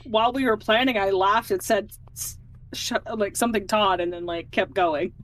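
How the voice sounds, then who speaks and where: A woman with a mid-pitched voice plays her character and talks through her movement step by step. Her tone is casual and matter-of-fact. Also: fairly even intonation, normal speed. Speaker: player. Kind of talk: casual tabletop play.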